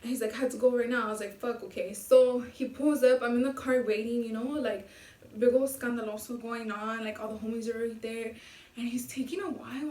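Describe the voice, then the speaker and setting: Fairly high-pitched and fairly quick, a young woman vlogger acts out the dialogue in a slangy, profane storytime. The audio comes from a cheap camera mic placed well away from her in a room with echo.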